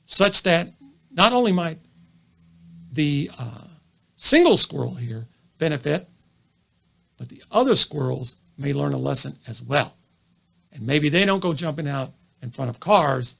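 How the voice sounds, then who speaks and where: Animated, high-voiced male lecturer. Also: gravelly. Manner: animated, full of rhetorical questions. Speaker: physician lecturing on comedy. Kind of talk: educational video monologue.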